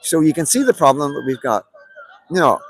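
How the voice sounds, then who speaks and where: A man's voice: on the high side, sing-song, brisk, slight background noise, low-quality recording. A middle-aged man with a Belfast accent, streaming a rambling live monologue, emphatic and repetitive with many fillers. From Belfast, Northern Ireland. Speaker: livestreamer.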